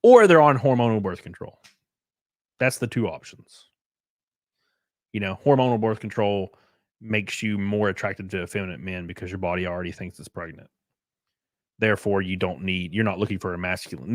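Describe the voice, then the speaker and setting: A man hosting a casual live stream, joking crudely and thanking viewers by name, jumping from loud outbursts to quiet muttering. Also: deep voice, normal speed, no echo, clean studio sound. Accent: Southern American. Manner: crude, joking, reads and thanks super chats aloud. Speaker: livestream host.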